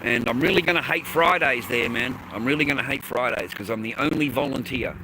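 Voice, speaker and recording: A man's voice: medium pitch, a little fast, noisy background. An Australian man rambling casually to his viewers, swearing freely and full of slang. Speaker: livestreamer chatting with viewers.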